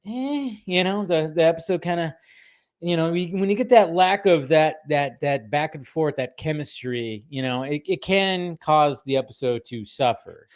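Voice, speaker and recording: A man's voice: on the high side, normal speed. A man in his thirties, rambling casually as he recaps a cartoon episode, laughing often and restarting his sentences. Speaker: podcast co-host.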